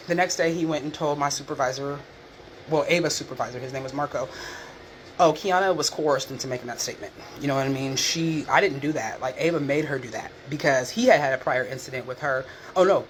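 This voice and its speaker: A woman vlogger with a low voice rapidly recounts her life in a casual storytelling chat, candid and profane throughout. She animatedly imitates other people's voices while retelling events, over a faint hum of room ambience.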